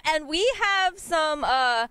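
A bubbly woman interviews dancers in a casual, upbeat way. Her voice sits a little high and swings widely in pitch. She cheers with quick whoops between questions. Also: lively intonation, pushed and bright, a little hiss or hum. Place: busy dance audition venue.

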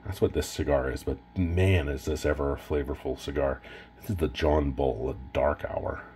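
Canadian man, very deep voice, rambling enthusiast vlogger, faint background noise. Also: fairly even intonation, moderate pace, warm tone. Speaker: cigar reviewer. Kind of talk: casual unboxing vlog.

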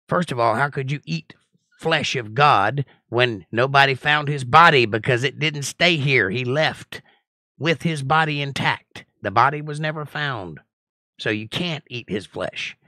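A middle-aged man leads a live-streamed Bible study and lectures with blunt confidence. His voice is bright and forceful. The sound is dry and close. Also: mid-range voice, no echo. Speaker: Bible study teacher and host.

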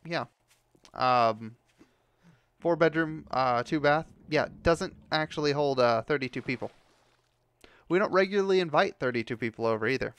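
A man's voice: fairly high pitch, normal speed, pauses often, fairly bright tone, clear, resonant tone. A young man giving casual commentary while playing a game, ranting and swearing when things go wrong. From United States. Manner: frustrated ranting, heavy swearing. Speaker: gameplay commentator.

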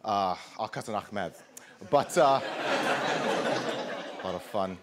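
A man in his twenties performing a live stand-up set, with a dry, self-deprecating delivery full of "uh" pauses. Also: lowish voice. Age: 20s. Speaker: stand-up comedian. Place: comedy club stage with live audience. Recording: live club recording, audible noise. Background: audience laughter.

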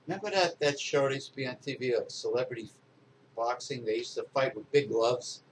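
A man's voice: medium pitch, animated, brisk, slight background noise, low-quality recording. A middle-aged man co-hosting a podcast, ranting angrily and swearing, with lots of fillers. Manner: angry profane ranting with many fillers. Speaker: podcast co-host. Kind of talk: casual political chat.

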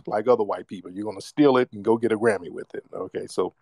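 A man's voice: fairly low pitch, quick pace, creaky, a little mellow, no echo. An American man hosting a call-in radio show, mocking and trash-talking his callers. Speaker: radio host.

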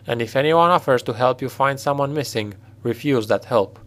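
A man's voice: mid-range voice, moderate pace, lightly acted. A man doing a blunt mercenary captain. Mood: commanding.

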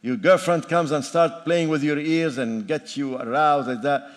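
A man's voice: on the high side, normal speed. A man in his sixties, a pastor preaching a sermon in an emphatic, repetitive style with joking asides. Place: church sanctuary. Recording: long reverb of a church hall.

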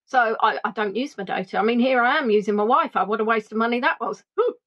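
A woman tour guide chatting through a playful, animated reminiscing monologue. She jumps between voices to act out what people said. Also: on the high side, fast talker, dull audio. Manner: animated, playful, acts out quotes in funny voices.

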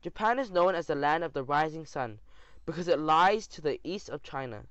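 A man reading an audiobook in an animated, expressive way. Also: on the high side, normal speed, clear, resonant tone, no room sound. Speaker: audiobook narrator. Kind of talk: scripted audiobook narration. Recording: dull dry audio.

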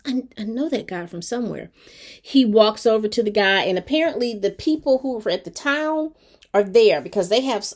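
A woman with a mid-range voice recaps a TV episode for her viewers. She tells it in a loose, colloquial way, full of asides and fillers, as if chatting with friends. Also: medium pitch. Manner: chatty, expressive storytelling with lots of fillers; colloquial, talks straight to viewers. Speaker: TV show reviewer.

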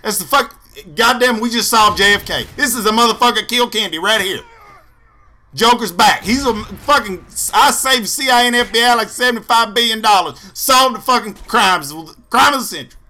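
A man's voice: very high-pitched, brisk, pushed and bright. A young man giving angry, profane, sarcastic commentary over gameplay footage as a channel host.

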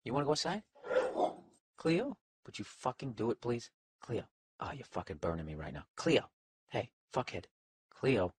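A man's voice: mid-range voice, very animated, moderate pace, pauses often, slightly rough, dry recording. A middle-aged man with a Boston accent, rambling through a profane, sarcastic comic monologue as a podcast host. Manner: profane, sarcastic, talks to his dog.

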